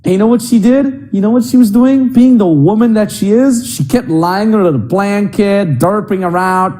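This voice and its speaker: A man's voice: high-pitched, expressive, normal speed, few pauses, mellow. A young adult man coaching other men on dating in a blunt, emphatic and profane way. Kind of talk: coaching monologue.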